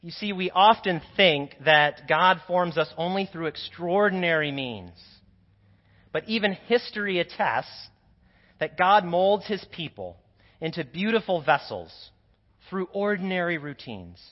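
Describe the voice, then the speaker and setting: High-voiced priest in an echoey church. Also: male voice, animated, unhurried. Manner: earnest storytelling, drops to quiet asides. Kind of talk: sermon. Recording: dull echoey church recording.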